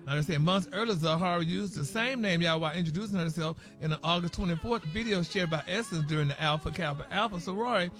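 Sassy high-voiced man dishing gossip. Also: quick pace, few pauses, a bit bright. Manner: sassy, sprinkles honey, y'all and baby everywhere. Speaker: radio show host reading celebrity news. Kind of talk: gossipy morning radio chat.

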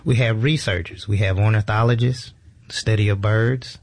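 Low, gravelly man explaining animals. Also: fairly even intonation, moderate pace. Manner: easygoing, explanatory, with fillers. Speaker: museum educator. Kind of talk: radio interview guest.

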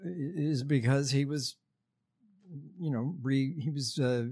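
A man hosting a podcast, talking casually and profanely about politics, halting with many fillers and restarts. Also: mid-range voice, darkish tone, husky. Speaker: podcast host.

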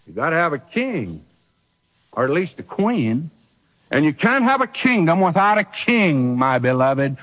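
A man preaching an emphatic sermon, his high voice leaping up and down as he drives each point home with rhetorical questions. The sound is dull and lo-fi, like an old radio broadcast. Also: big pitch swings, measured pace.

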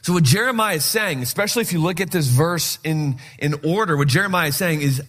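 A man in his forties preaching a sermon in a fairly high voice. He is animated and joking, and he acts out his own baffled reactions as he tells his stories. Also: fairly quick, few pauses. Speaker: pastor.

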